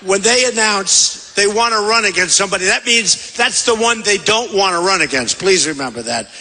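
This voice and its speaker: A man's voice: high-pitched, expressive, moderate pace, pushed and bright. A man giving a rambling, repetitive campaign rally speech from a podium in a large convention hall. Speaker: political candidate at a rally. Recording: long reverb of a big hall.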